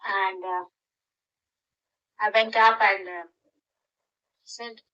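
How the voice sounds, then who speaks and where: A woman's voice: mid-range voice, steady tone, very slow, pauses often, pushed and bright, highs cut off. An older woman, a grandmother, giving a spiritual talk to her followers and guiding them with short, direct instructions. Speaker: spiritual teacher.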